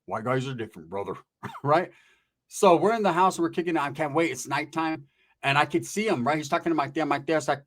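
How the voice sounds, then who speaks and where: A man telling a story in a lively, profane way, full of street slang. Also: fairly high pitch, brisk. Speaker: storyteller guest. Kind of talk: casual storytelling.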